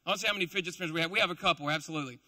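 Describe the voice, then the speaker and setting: A man's voice: fairly high pitch, racing, bright, forceful tone. A young man preaching a casual, joking sermon to a live congregation, with playful asides. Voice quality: chatty, playful, self-deprecating asides. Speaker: preacher, also a school teacher.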